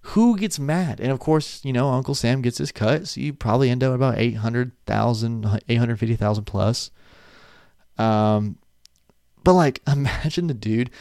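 At a desk in his room, a young man vlogs casually into his webcam setup, rambling, cursing and laughing on the side. His mid-range voice comes across a little mellow, clear and resonant, in a dry, studio-quality recording.

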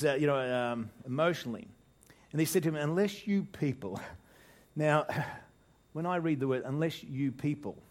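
An older man's medium-pitched, darkish voice carries a conversational sermon to a church congregation. He keeps restarting phrases and asking rhetorical questions.

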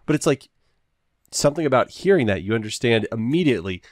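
A man hosting a casual interview, thinking aloud with halting phrasing. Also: medium pitch, lively intonation, dry recording, clean studio sound. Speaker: interview host.

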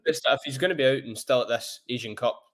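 A man co-hosting a football podcast, weighing points in a measured way. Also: medium pitch, fairly bright tone. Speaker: podcast co-host. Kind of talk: casual football chat.

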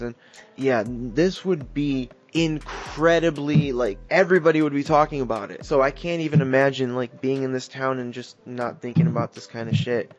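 A man with a mid-range voice hosts a casual true-crime podcast, speaking loosely, swearing plenty, and reading articles aloud with offhand asides. The sound is lo-fi.

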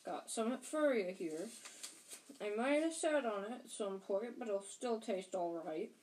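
A woman reading an audiobook, voicing a huge, gruff but kindly giant man with a rough, homely, slow way of talking. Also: mid-range voice, expressive, a little mellow, a little hiss or hum, natural voice, low-quality recording. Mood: gruff friendly. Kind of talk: audiobook character voice.

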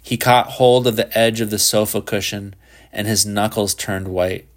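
A man narrating a literary short story in a measured, even way. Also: lowish voice. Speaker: audiobook narrator.

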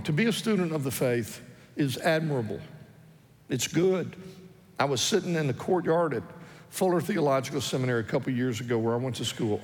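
A male pastor preaching a sermon earnestly and repeating his key phrases for emphasis. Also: medium pitch. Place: church sanctuary. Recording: long reverb of a church hall.

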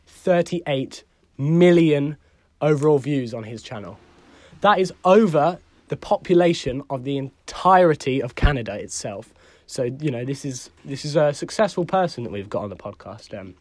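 A man's voice: medium pitch, lively intonation, normal speed, no echo. A man hosting a podcast with a cold that makes him sound nasal. He introduces guests eagerly and often repeats words. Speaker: podcast host. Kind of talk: casual podcast chat.

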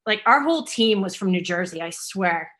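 A woman with a Boston-area accent chats as a guest in a relaxed interview. She rambles along, filling her story with ums and likes. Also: medium pitch, normal speed. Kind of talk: casual interview chat.

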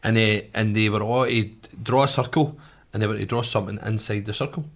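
A man's voice: lowish voice, fairly even intonation, a little fast. A Scottish man in casual chat, telling a story emphatically, swearing often and checking in with "right?".

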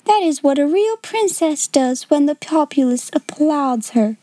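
A woman's voice: high voice, a little slow, dark tone, no room sound, voice pushed up. A woman voicing a stern, prim middle-aged headmistress who speaks in cold, precise formal phrases. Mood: scathing.

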